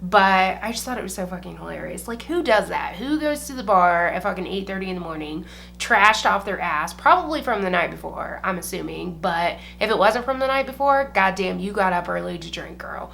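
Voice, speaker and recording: Bright-voiced young woman, chatty vlogger. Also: medium pitch, lively intonation, brisk, vocal fry, a little hiss or hum. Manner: chatty and profane, heavy use of "like". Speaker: beauty vlogger. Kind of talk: casual chat while doing makeup.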